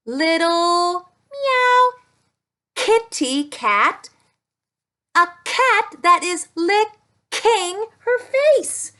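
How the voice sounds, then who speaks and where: A woman speech-language pathologist teaching young children a speech sound with toys, talking slowly and stretching her sounds. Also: very high voice, very animated, pushed and bright.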